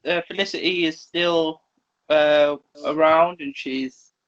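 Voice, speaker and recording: A man describes what his character has been up to in a tabletop game, halting and hunting for words. His voice sits a little high for a man. The recording sounds dull and lo-fi. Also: steady tone, fairly bright tone. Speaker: player.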